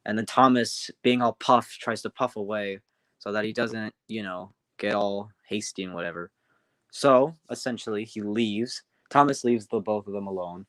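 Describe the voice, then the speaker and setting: A man's voice: lowish voice, fairly even intonation, moderate pace, a bit bright, no echo. A man casually telling a story on a livestream, rambling with many restarts. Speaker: storyteller, streamer.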